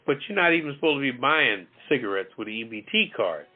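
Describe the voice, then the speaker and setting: A man co-hosting a talk show, telling a story in an animated, emphatic way and swearing freely. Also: mid-range voice, fast talker. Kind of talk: casual storytelling chat. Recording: phone-like lo-fi audio with faint music.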